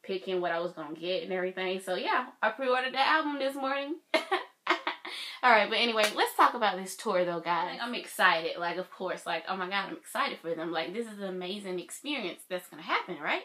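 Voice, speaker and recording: A young woman vlogging casually, gushing and excitable, with lots of filler words. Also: medium pitch, a little fast, a little hiss or hum. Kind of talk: casual reaction vlog.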